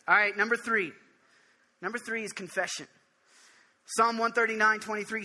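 Man, preacher, high voice, very bright tone, earnest, jokey, casual sermon. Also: steady tone. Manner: earnest and jokey, quick restarts, direct address to listeners. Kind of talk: informal sermon teaching on prayer.

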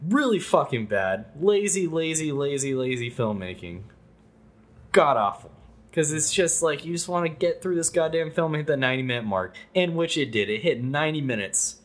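A man's voice: fairly high pitch, animated, fairly quick, a bit bright. A man co-hosting a casual podcast, giving a blunt, profane, ranting movie review. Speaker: podcast co-host.

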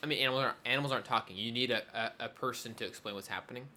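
A man's voice: mid-range voice, rapid-fire, pushed and bright, a little hiss or hum. A young adult man in casual conversation, rambling with many fillers and restarts. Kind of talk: casual chat.

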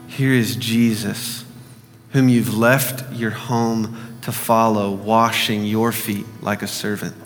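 A male pastor leading a slow, gentle guided meditation in a sermon. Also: on the low side. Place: church sanctuary. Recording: church hall reverb with soft guitar.

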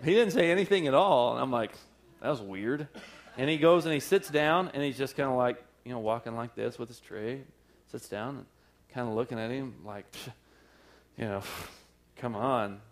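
Animated man telling a sermon story. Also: mid-range voice, normal speed, slight background noise. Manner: animated storyteller, acts out quotes, laughs often. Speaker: pastor. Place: church service.

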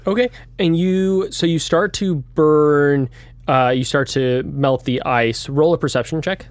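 A game master with a medium-pitched voice narrates a tabletop game haltingly, with many fillers and restarts.

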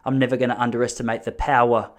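An Australian man voicing his one-year-old son as a pompous, long-winded talker in a lower, quieter voice. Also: rapid-fire, natural voice. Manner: formal, long-winded, deadpan.

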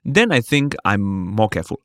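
A man with a Singaporean English accent talks on a podcast in a low, easy voice, spinning anecdotes from his stand-up and slipping into the voices of the people he quotes. The sound is dry and close, with no room around it. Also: very animated, moderate pace, fairly bright tone, clear, resonant tone, dry recording. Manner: storytelling, acting out quoted voices. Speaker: stand-up comedian, guest co-host. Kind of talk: casual podcast chat.

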